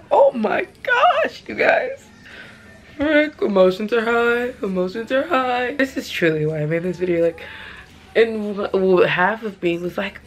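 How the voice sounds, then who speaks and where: A young woman vlogging about books she read, emotional and gushing, talking in quick excited bursts. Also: medium pitch. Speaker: book vlogger. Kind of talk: casual reading vlog chat.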